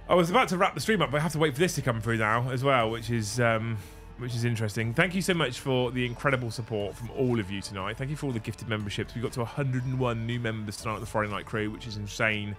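A man in his thirties hosting a livestream, animated and joking, swearing casually, on a studio mic. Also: mid-range voice, fairly quick, soft background music. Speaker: livestream host.

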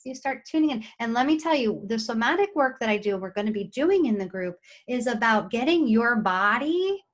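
A middle-aged woman, an occupational therapist, giving an animated, chatty coaching talk to camera and acting out her clients' inner voices. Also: mid-range voice.

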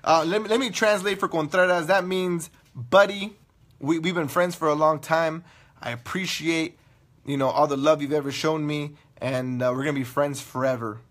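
Young socal guy hosting his online radio show, bright high voice, loud, cussing, cracking jokes. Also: fairly even intonation, normal speed. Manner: loud, profane, joking, laughs often. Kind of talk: casual live-stream chat with viewers.

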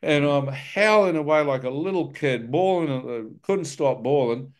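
A man's voice: fairly high pitch, a little slow. A man sharing his personal testimony with a live church audience, telling it vividly and with self-mocking humor.

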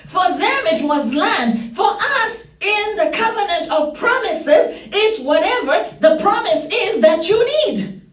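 Very high-voiced woman pastor preaching. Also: slow pace. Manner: excitable, rising to exultant shouts and laughter. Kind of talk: sermon. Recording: roomy church hall, voice from far off.

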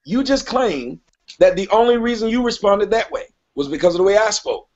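A high-pitched man argues on a live online stream. He presses his points, cuts in often and insists on finishing what he says. The audio is dull and lo-fi. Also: lively intonation, brisk. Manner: argumentative, cuts in, keeps repeating "wait a minute". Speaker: host of a live online hangout. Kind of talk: heated live debate. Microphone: online call audio.

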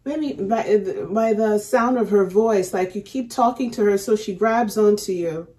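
A woman hosting a movie reaction, talking back to the screen in an expressive, casual way. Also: mid-range voice, a little slow. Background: film audio playing.

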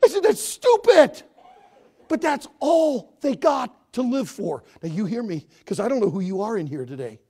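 A man in his sixties preaching a sermon, telling a story and swinging from hushed to shouting. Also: high voice, very animated, moderate pace, hardly any pauses, husky. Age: 60s.

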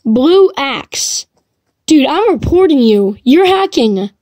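Woman gamer, high and lively voice, dry close mic, slow puzzled commentary. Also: no room sound. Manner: excitable, shrieks and laughs when chased. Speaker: gamer streaming live play. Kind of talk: reactive gameplay commentary.

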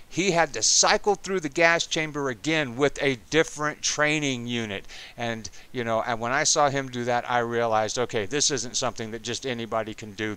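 A man in his fifties, an Army veteran, telling a personal story in a casual, animated and profane way. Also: mid-range voice, clear, resonant tone. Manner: animated, profane, dramatic retelling.

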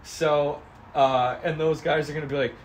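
Young male streamer, loose and animated, talking from a garage over faint noise. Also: a little high. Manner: animated, acts out both sides of the scene in quick voices. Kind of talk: casual stream chat pitching a sketch.

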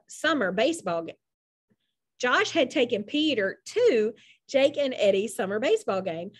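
A woman narrating a storybook aloud with expressive, animated delivery. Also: medium pitch.

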